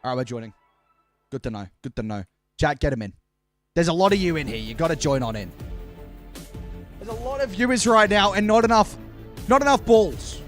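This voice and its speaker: A man hosting a live watch-party stream, chatting casually with his viewers while fiddling with setup, his voice worn out and hoarse. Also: on the high side, big pitch swings, fairly quick, long pauses, a bit bright, faint music behind.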